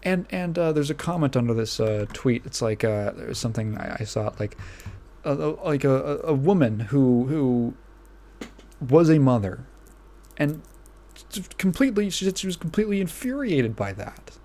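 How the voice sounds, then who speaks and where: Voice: mid-range voice, sing-song, moderate pace, mellow. A podcast host ranting in casual commentary, exasperated and profane, often restarting and trailing off mid-phrase.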